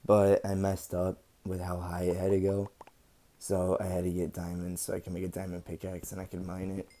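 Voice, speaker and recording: A young man talking casually over his gameplay footage, relaxed and rambling with lots of ums. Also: low-pitched, brisk. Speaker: gaming channel host.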